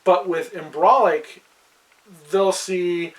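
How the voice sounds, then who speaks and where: A man's voice: sits high, fairly even intonation, slow pace, recorded from a distance, rough recording. Rambling man running a fantasy world. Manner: rambling, hesitant with fillers. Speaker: game master. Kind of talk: casual podcast chat.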